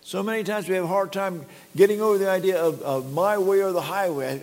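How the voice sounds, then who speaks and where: Older male pastor, sermon, stumbling restarts, gravelly tone, reverberant sanctuary. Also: high voice. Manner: halting, repeats words, quotes scripture dramatically. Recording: long reverb of a hall.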